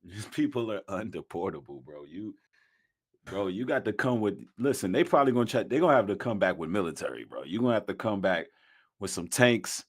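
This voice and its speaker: Man with a lowish voice, casual hyped commentary, heavy slang. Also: animated, fairly quick, slightly rough. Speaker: commentator in a played video.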